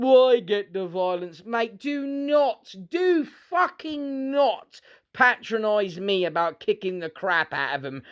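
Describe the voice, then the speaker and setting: A man's voice: sits high, a bit bright, clear, resonant tone, dull audio. A British man delivering an angry, sarcastic, profanity-filled rant to his viewers. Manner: sweary, sarcastic, heated. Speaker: vlogger.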